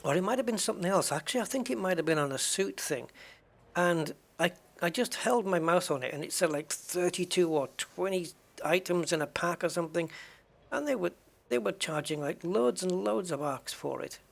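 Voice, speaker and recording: A man's voice: high voice, lively intonation, moderate pace, creaky. A middle-aged man streaming a game, chatting casually with viewers, rambling and chuckling as he goes. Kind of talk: casual live-stream chat while playing.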